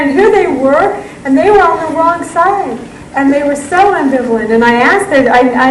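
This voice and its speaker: Animated woman author in echoey hall. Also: sits high, far from the mic, slight background noise. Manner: enthusiastic, animated storytelling. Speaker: author giving a lecture. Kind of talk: public talk and Q and A. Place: lecture room.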